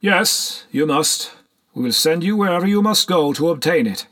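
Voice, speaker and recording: A proud chieftain booms out his generosity in a raised, bright voice, as a man narrating a story puts him on. His delivery is grand and proclaiming, full of triumph and command. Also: expressive, normal speed. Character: triumphant powerful male chieftain.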